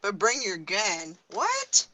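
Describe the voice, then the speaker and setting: A woman's voice: mid-range voice, wildly swooping pitch, slow, pushed and bright, no echo, rough recording. A woman over sixty, a grandmother, co-hosting a morning radio show in casual, sleepy chat. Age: older. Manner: sleepy, chatty, laughs easily.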